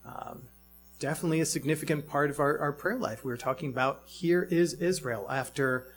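A man's voice: on the high side, brisk, soft background music. A man preaching a sermon in a reflective way, asking many rhetorical questions.

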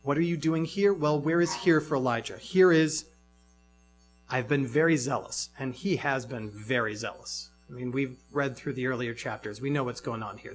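A man preaching a sermon in a reflective way, asking many rhetorical questions. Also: medium pitch.

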